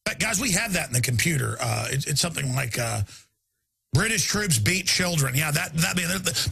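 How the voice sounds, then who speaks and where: A man's voice: high voice, vocal fry, bright, forceful tone, husky. A male talk radio host delivering a rambling, indignant live monologue.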